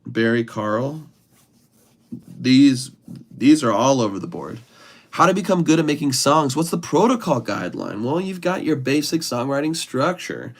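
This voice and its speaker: A man's voice: medium pitch, animated, normal speed. A man, an improv comedian, hosting a casual livestream, greeting viewers by name and answering their comments playfully.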